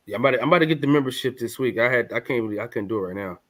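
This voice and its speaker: Fast-talking man in slangy boxing chat. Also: mid-range voice, fairly bright tone, no echo, clean studio sound. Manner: quick, halting slangy talk. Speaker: podcast co-host.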